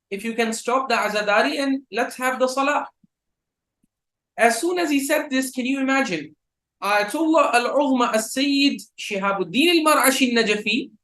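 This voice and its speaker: A man giving a religious lecture, reading Arabic passages quickly and then explaining them slowly in English. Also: high-pitched, sharp tone, echoey room. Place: live video call session.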